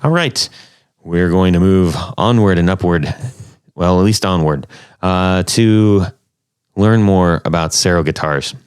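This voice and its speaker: A man's voice: deep voice, measured pace, smooth, no room sound, studio quality. A man hosting a podcast interview, casual and jokey, rambling a little with plenty of fillers. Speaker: podcast host.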